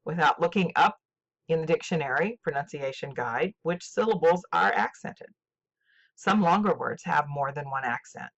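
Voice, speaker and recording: An older woman teaching a scripted literature lesson, speaking slowly and deliberately with clear enunciation. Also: sits low, fairly bright tone. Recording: dull lo-fi recording.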